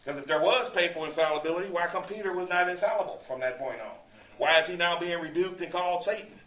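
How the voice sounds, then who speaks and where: The voice is on the high side, pushed and bright, and he talks fast. A man preaching verse by verse in a conversational manner, he quotes scripture and asks rhetorical questions, all caught on a distant mic in an echoey room.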